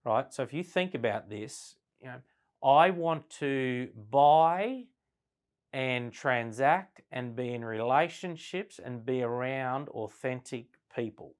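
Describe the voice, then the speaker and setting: A man's voice: mid-range voice, animated. A man teaching a business class at a flip chart, talking casually and often checking in with "right?" as he explains. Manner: conversational, frequent "right?" tag questions; slows down and varies volume to demonstrate tone. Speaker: business sales trainer.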